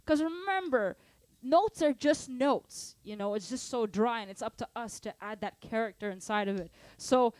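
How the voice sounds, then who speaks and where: A woman teaching a drum lesson, energetic, counting beats aloud and asking her students to stay engaged. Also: fairly high pitch, normal speed, dry recording. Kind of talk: live online drum lesson. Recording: drum kit playing behind. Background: drum kit.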